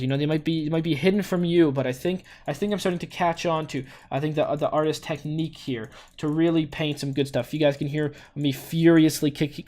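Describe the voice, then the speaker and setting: A man hosting a gaming channel, giving a playful mock art tutorial with halting restarts and cheerful self-praise. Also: mid-range voice, a little mellow. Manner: halting, many restarts, cheerfully praises his own work.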